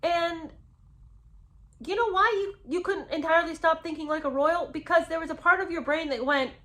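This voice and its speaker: A woman's voice: very high-pitched, normal speed, bright, forceful tone. A woman giving sarcastic, incredulous commentary while reading from a memoir. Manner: scornful, incredulous, emphatic.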